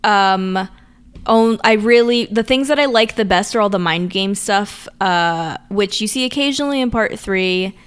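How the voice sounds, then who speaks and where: A woman's voice: mid-range voice, a little slow, clean tone. A woman co-hosting a casual podcast, talking in a wry, offhand way. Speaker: podcast co-host. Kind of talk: casual chat.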